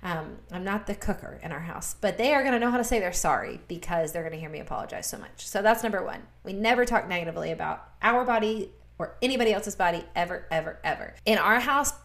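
A woman's voice: medium pitch, lively intonation, fast talker, vocal fry, hardly any pauses, fairly bright tone. A woman in her thirties speaking earnestly in a faith-based podcast conversation, repeating words for emphasis. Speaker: guest speaker.

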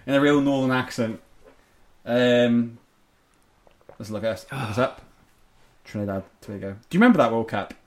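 A man's voice: mid-range voice, normal speed, long pauses, a little mellow. A man hosting a podcast, chatting casually and rambling through his stories with frequent laughter and mild swearing. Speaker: podcast host. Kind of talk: casual chat.

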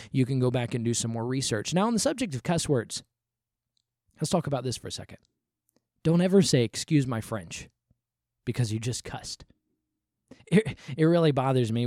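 Man, podcast host, emphatic, swinging pitch, dry close sound. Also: mellow, no echo. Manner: emphatic, exasperated, repeats himself for emphasis. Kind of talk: conversational Christian podcast commentary.

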